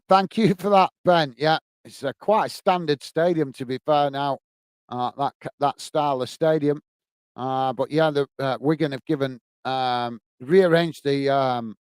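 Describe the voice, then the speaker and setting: A man's voice: fairly high pitch, a little mellow, clean tone, dry recording. A man hosting a football watch-along stream, chatting casually and reading out viewer comments to answer them. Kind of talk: live-stream casual chat.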